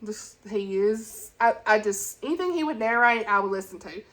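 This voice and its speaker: A woman from talks to camera in an unscripted, rambling way. She gushes about what she loves and keeps her pitch right in the middle. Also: animated, normal speed, fairly bright tone. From Tennessee, USA. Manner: chatty and rambling, with gushing enthusiasm. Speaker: book vlogger. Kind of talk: casual chat.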